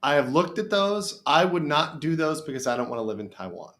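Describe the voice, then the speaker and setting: Middle-aged American attorney guest, animated and emphatic, very lively pitch. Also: male voice, a little fast. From USA. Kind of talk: casual podcast interview.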